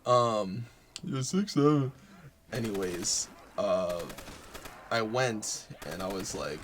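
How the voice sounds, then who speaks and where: Young man, low register, casual and halting, swears freely; faint background noise. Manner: halting, full of fillers and swearing. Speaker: vlogger. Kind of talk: unscripted personal talk.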